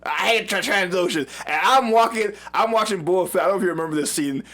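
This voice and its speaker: A man co-hosting a casual fan review chat, animated and excitable, laughing often. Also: high voice, fast. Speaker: co-host of a fan review show.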